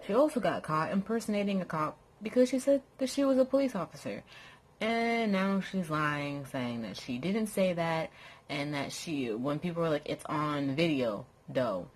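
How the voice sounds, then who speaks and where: A woman's voice: animated, moderate pace, poor audio. A woman ranting in a casual, exasperated and sarcastic way to her viewers from home. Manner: exasperated, sarcastic, mocks others in high put-on voices. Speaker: vlogger. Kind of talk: casual rant to camera. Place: at home, lying in bed.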